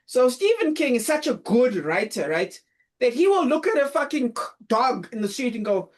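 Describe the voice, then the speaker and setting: A woman co-hosting a casual movie podcast, talking in an animated, frank way. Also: fairly high pitch, normal speed. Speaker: podcast co-host.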